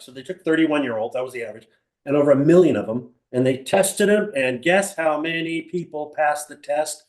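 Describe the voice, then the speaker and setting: A man's voice: on the high side, normal speed. Older man teaching a seminar in an echoey room. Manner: animated storyteller, rhetorical questions, acts out other people. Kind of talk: live motivational seminar talk. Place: small room with live audience.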